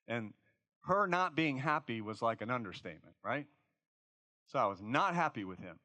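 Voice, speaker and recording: Male pastor, bright tone, conversational sermon with a reflective, informal manner. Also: mid-range voice, sing-song, moderate pace, no room sound. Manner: informal, reflective, often checks in with "right?".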